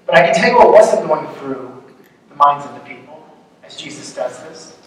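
A man's voice: high-pitched, lively intonation, moderate pace. A young man giving a conversational, joking sermon full of rhetorical questions. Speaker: pastor. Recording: echoey hall, distant mic, faint noise.

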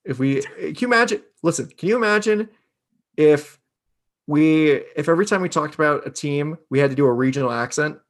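A man's voice: on the high side, brisk. A man co-hosting a fantasy football podcast, ribbing his partner in casual chat.

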